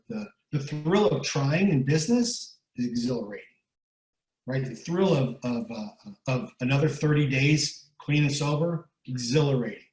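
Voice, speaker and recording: A middle-aged man with a medium-pitched voice appears as an interview guest, a guest speaker and recovery coach giving a motivational talk. He pushes his points hard, repeats words, and keeps asking "right?" The low-quality recording was made in an echoey room.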